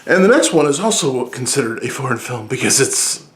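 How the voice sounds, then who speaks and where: An enthusiastic man chatting casually as a podcast host. He rambles, restarts his sentences and gushes about the films he loves, at an ordinary middle pitch. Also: fairly quick. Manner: excited, rambling, frequent restarts and fillers. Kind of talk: casual movie-list talk.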